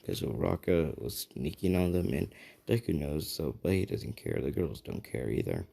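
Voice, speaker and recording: A man's voice: extremely low pitch, big pitch swings, normal speed, gravelly, warm tone, slightly rough. A man casually telling a fan-fiction story, rambling and checking in with the listener.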